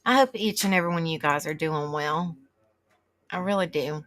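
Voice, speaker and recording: Brisk and deep-voiced, with a fairly bright tone, a middle-aged woman runs a live stream. She chats casually with her audience, rambling and reacting out loud while reading the chat.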